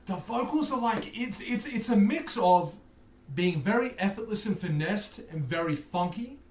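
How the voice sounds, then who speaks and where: A man's voice: sits high, animated, measured pace, reverberant. A man with a Liverpool accent tinged by Australian, casually commenting on a music video, joking and ranting playfully with stammered repeats. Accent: Liverpool, softened by Australian. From Liverpool, England. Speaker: music reaction host.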